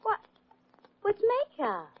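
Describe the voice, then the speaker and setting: A woman's voice: takes it slowly, lightly acted. An actress playing a teasing, playfully jealous girlfriend in a 1940s radio drama. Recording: dull old radio recording.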